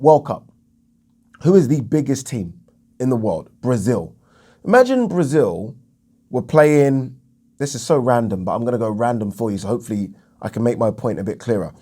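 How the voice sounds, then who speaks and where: A man's voice: medium pitch, dark tone. A man giving a heated solo commentary on boxing, repeating himself for emphasis and swearing freely. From England. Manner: indignant, repetitive, emphatic, swears. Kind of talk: opinion vlog rant.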